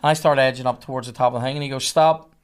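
A man's voice: medium pitch, steady tone, rapid-fire. Lad on a podcast, swears a lot, acts out the other voices in his story. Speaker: guest. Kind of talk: casual storytelling.

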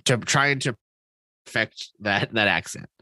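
A man co-hosting a podcast, chatting casually and excitably about a movie, swearing freely and laughing often. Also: lowish voice, a little slow, dry recording. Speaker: podcast co-host.

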